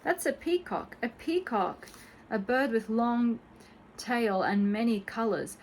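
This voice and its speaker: A woman's voice: fairly high pitch, expressive, slow, a little hiss or hum. A woman voicing a sensible, knowing male Siamese cat in a children's storybook, who explains things and teases his friend. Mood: explaining. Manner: sensible and teasing.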